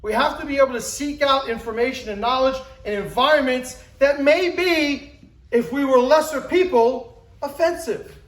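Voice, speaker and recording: A man in his forties speaks at normal speed during a motivational talk, emphatic and acting out scenes with a climbing pitch and shouts. Roomy sound, low-quality recording.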